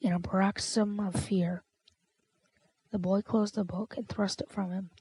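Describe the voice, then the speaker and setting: A woman reads a classic novel aloud as an audiobook narrator, with a measured, even delivery. Her voice is dark and mellow, with a husky edge. The pitch stays flat. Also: no room sound, poor audio. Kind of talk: scripted narration.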